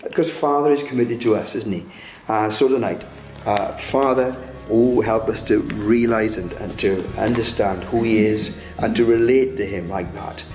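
A man's voice: lowish voice, moderate pace, a little mellow, roomy sound. A male pastor preaching a sermon earnestly, with frequent restarts and rising emphatic peaks.

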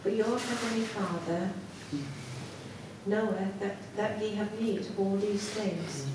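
Woman, scripture reading, measured, distant mic, very echoey hall, noisy background. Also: medium pitch. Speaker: scripture reader. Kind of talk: Bible reading.

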